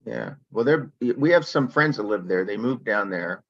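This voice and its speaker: A man's voice: lowish voice, expressive, normal speed. A man chatting on a group video call who argues his opinions and tells stories about friends. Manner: opinionated, storytelling, argumentative. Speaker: regular participant. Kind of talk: casual group video chat. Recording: dull, lo-fi video call audio.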